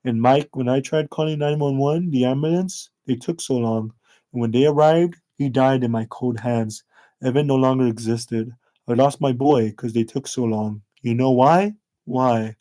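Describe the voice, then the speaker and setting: A man voicing a cruel, bitter middle-aged father confessing revenge in a low, brooding way. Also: moderate pace, dark tone, close to an everyday voice.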